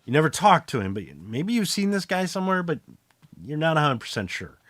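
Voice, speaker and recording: Man with a lively voice running a tabletop game. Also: a little high, brisk, no room sound. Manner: narrates and voices side characters, chuckling. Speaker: game master.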